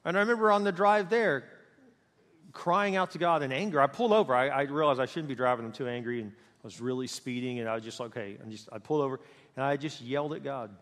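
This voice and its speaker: Delivering a sermon with passion, this middle-aged male pastor has a medium-pitched voice. His delivery lurches from loud, rapid outbursts to hushed, unhurried stretches, all carried by hall reverb.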